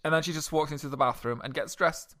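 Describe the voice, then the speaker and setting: A young man co-hosting a podcast in casual chat, animated and jokey, often breaking off and restarting. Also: a little high, fast. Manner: animated, self-interrupting, jokey. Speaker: podcast co-host. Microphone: close podcast mic.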